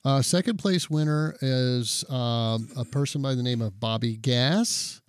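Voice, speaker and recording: A man's voice: mid-range voice, a little slow, smooth, no room sound, studio quality. A man with a Southern Florida accent, co-hosting a podcast in easygoing chat and reading a story aloud. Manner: easygoing, self-deprecating, folksy. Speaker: podcast co-host and story reader.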